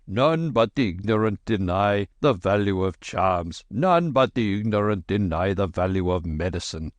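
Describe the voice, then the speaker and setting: A man's voice: on the low side, expressive, slow, no room sound. A man voicing a boastful, long-winded middle-aged quack doctor with a thick, heavy voice in an audiobook. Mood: pompous. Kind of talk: audiobook character voice.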